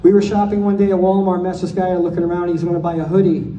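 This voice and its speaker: Man, high pitch, very mellow tone, delivering a roast toast with punchlines; distant mic in an echoey hall. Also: little pitch movement, muffled recording, slight background noise. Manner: rapid one-liner punchlines. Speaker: speaker giving a birthday toast. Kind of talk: joke-filled roast speech.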